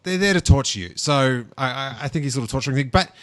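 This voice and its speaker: A man hosting a casual podcast chat, excitable and playful, often restarting his sentences. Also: medium pitch, fast. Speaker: podcast host.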